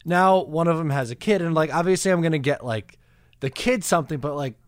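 A man's voice: fairly high pitch, brisk, dry recording, clean studio sound. A man in his twenties hosting a podcast, chatting in an easygoing way and laughing often. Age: 20s. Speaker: podcast host. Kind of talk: casual chat.

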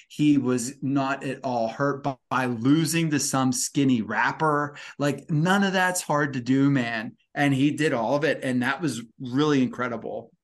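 A man co-hosting a wrestling podcast, talking in an excited, rambling way with many fillers. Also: mid-range voice. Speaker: podcast co-host. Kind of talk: casual wrestling review chat.

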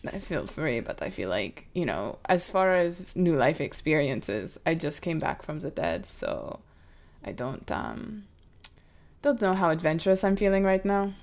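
A woman's voice: sits low, big pitch swings, a little slow, a little mellow. A woman playing a tabletop game, talking casually with many hesitant fillers. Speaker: player. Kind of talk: tabletop game role-play chat.

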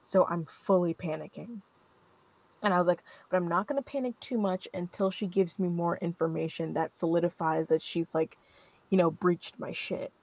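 A woman's voice: lowish voice, normal speed, dry recording. Young woman telling a story, dry sound. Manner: animated, rambling, lots of "like" fillers. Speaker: podcast host. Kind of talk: casual storytelling chat.

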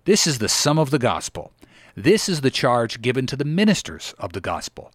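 A man's voice: medium pitch, big pitch swings, moderate pace, no room sound. Solemn exhorting male preacher. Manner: solemn, exhorting, old-fashioned scriptural diction. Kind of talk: sermon.

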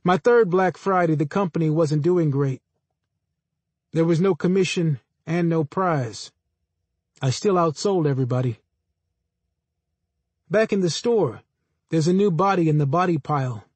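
A man reading first-person literary fiction aloud in a measured, understated way. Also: on the high side, darkish tone, no room sound. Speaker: audiobook narrator.

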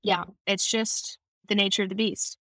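A young woman chatting as a podcast guest, telling animated, quick stories with a laugh. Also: medium pitch, dry recording. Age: young adult. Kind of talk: casual chat.

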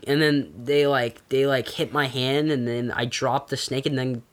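A young man chatting casually, rambling through a story with lots of fillers and animated bursts. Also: medium pitch, moderate pace. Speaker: storyteller guest. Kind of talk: casual podcast chat.

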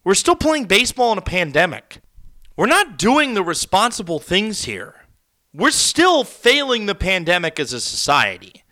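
A man's voice: high voice, sing-song, normal speed, bright, forceful tone. A man hosting a solo sports podcast from a studio, ranting heatedly and sarcastically. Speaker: podcast host. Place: recording studio.

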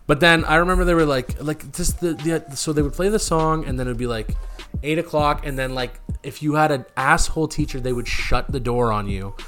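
A man's voice: on the high side, a little fast, fairly bright tone, soft background music. A young man, co-hosting a casual podcast chat, rambling and profane and working himself up into rants. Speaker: podcast co-host.

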